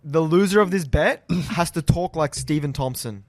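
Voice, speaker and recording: A man's voice: fairly high pitch, normal speed, no room sound. A man co-hosting a podcast, joking casually and calling people bro. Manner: jokey, lively, says bro a lot. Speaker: podcast co-host. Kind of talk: casual chat.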